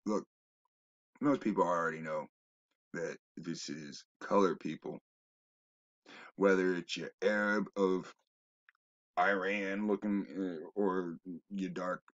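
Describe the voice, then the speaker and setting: A man talking in a rambling, casual monologue that drops to low mutters and jumps to loud exclamations. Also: takes it slowly, long pauses, muffled recording. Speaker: video commentator.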